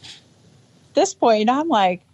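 A woman interviewed about a childhood memory, talking in halting bursts with many restarts and acting out the voices she quotes. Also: fairly high pitch, animated, darkish tone. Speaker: interview guest. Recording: dull lo-fi audio.

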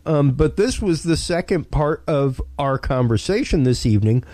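A man's voice: on the high side, expressive, moderate pace, mellow, dry recording. A man hosting a podcast, speaking enthusiastically and casually, with frequent ums and repeated words. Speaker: podcast host.

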